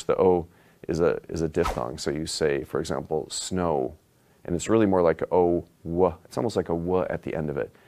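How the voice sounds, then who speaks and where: A man explaining dialect features in a measured way, giving spoken examples. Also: deep voice, darkish tone. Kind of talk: explanatory talk.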